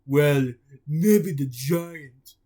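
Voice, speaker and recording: A storyteller voicing a dim-witted, happy male starfish with a slow, dopey delivery. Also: mid-range voice, dark tone.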